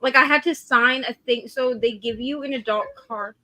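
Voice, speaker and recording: A woman's voice: a little high, normal speed, pushed and bright, no echo, rough recording. A woman co-hosting a casual livestream, telling rambling stories full of "like". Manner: rambling anecdotes with many "like"s. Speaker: co-host.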